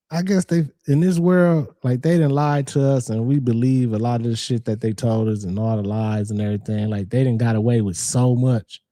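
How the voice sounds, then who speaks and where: A young man riffs through a reaction video in easygoing slang, calling out to his viewers as he goes. His voice is very dark and mellow. It sits close and dry, with no room sound around it. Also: medium pitch, no room sound. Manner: laid-back slangy banter, talks to chat. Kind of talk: casual reaction commentary.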